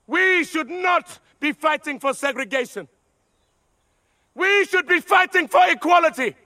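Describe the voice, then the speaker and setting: An actor playing a dignified leader giving an impassioned, measured speech. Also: male voice, extremely high pitch, expressive, pushed and bright, exaggerated voice.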